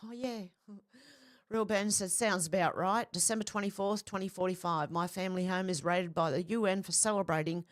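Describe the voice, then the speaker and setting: An Australian woman hosting casual commentary, chatting and reading out posts with laughs between them. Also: lowish voice. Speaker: host.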